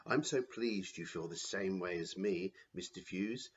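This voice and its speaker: A man voicing a cruel, scheming hospital matron, shrill and gloating in storybook reading. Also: unhurried, breathy edge, lo-fi sound.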